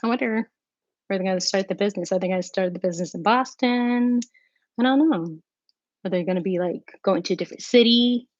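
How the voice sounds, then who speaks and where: A chatty woman hosts a home livestream, musing out loud to her viewers with plenty of ums and side tangents. Her voice sits at a middle pitch. The sound is dry and a little dull. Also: fairly quick, no echo. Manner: chatty, thinking aloud with fillers and asides. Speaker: livestream host. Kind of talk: casual chat with viewers.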